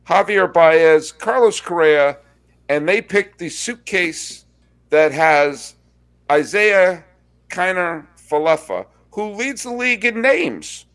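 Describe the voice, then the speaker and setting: Wry, animated man hosting a sports podcast. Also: high voice. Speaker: podcast host. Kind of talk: casual sports podcast chat.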